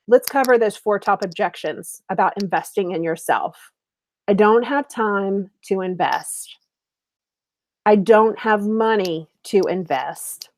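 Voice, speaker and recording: A middle-aged woman business coach giving an upbeat, chatty webinar sales pitch, speaking straight to her viewers. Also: darkish tone.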